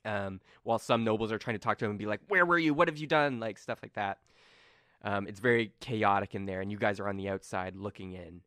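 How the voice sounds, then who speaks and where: Bright-voiced casual male game master. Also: lowish voice, little pitch movement, fairly quick, no room sound, studio quality. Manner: casual, rambling, filler-heavy recap. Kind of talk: narrating a tabletop game.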